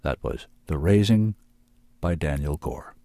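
Deep-voiced man reading a story aloud. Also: lively intonation, a little slow, dark tone, no room sound. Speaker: reader of submitted manuscripts. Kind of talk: storybook narration.

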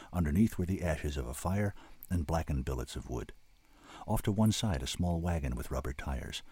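A man with a very deep, husky voice reads a novel aloud in a slow, measured, somber way. The sound is dry and close, with no room around it. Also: mellow, no echo. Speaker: reader and commentator. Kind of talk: reading a novel aloud, then giving opinion.

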